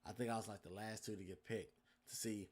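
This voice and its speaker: Young dude podcast host, lowish voice, swears a lot, chatty and animated telling stories to y'all. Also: male voice, brisk, breathy edge. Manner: animated, profane, addresses listeners as y'all. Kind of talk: casual storytelling.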